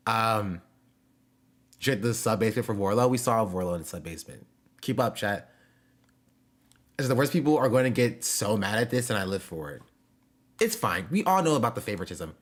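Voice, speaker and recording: A young man talks to his stream chat from home in a low, easy voice. He jokes around, tosses in slang, and drifts between topics with plenty of fillers. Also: expressive, brisk. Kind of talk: casual live-stream chat.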